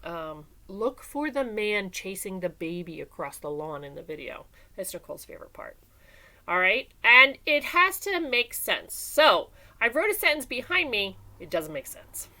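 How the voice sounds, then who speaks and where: A woman teaching a recorded class lesson, animated and sing-song, calling on students by name in a classroom. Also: medium pitch, moderate pace. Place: classroom with whiteboard.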